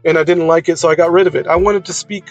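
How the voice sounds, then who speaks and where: A man's voice: on the high side, steady tone, fast talker, lo-fi sound, faint music behind. A man in an unscripted personal monologue, ranting bluntly and emphatically, with frequent swearing. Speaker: video creator.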